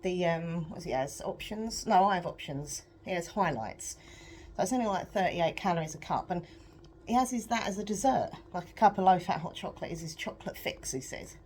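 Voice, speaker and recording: Croaky british woman rambling on her home vlog, lower voice, little hiss behind. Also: lively intonation, a little fast, darkish tone. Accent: British English. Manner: chatty, rambling, self-deprecating, laughs often. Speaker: vlogger. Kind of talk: casual confessional vlog chat.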